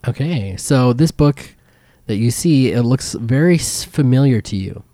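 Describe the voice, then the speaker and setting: A man acting as dungeon master, narrating the scene in a relaxed way with frequent ums and pauses. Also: medium pitch, no echo, studio quality. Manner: relaxed, hesitant with ums, easygoing. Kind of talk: narrating a tabletop game.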